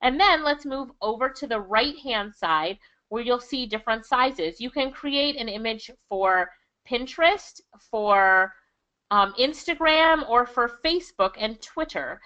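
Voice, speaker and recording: A high, bright-toned woman with a Jamaican accent talks through a screen-share lesson in an enthusiastic, chatty way. The audio is a little dull and lo-fi, like a computer mic. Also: animated, unhurried. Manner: enthusiastic, chatty, laughs often. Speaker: online income instructor.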